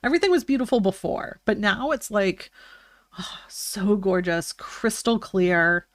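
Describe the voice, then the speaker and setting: A young woman chatting on a live stream, her talk meandering with frequent fillers and self-corrections. Her voice sits at a middle pitch for a woman and sounds close and dry, with no room sound around it. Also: lively intonation, unhurried, dry recording. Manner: rambling, chatty, full of fillers and restarts. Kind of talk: casual chat on a live stream.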